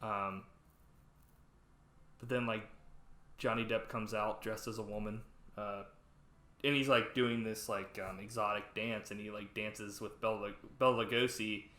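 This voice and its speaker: A man's voice: lowish voice, fairly even intonation, unhurried, long pauses, sharp tone. Rambling casual man recapping a film. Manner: rambling, full of "like" and swearing. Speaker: podcast host. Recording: roomy echo.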